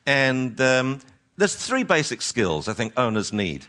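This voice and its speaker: A dog trainer addresses an audience in a lively talk, doing funny voices for owners and their dogs. His pitch is medium and his pace unhurried.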